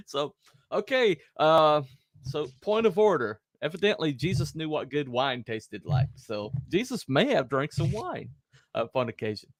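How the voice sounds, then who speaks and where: A man hosting a casual chat, telling a story in a lively way, acting out quotes in raised voices and laughing often. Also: fairly high pitch, unhurried, dry recording, studio quality. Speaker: host.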